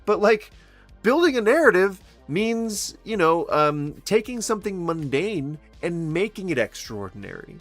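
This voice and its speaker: A man's voice: high-pitched, very animated, unhurried, faint music behind. A man commentating on video clips with mocking sarcasm, swearing and mimicking the people he reacts to. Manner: mocking, mimics others in taunting voices, swears.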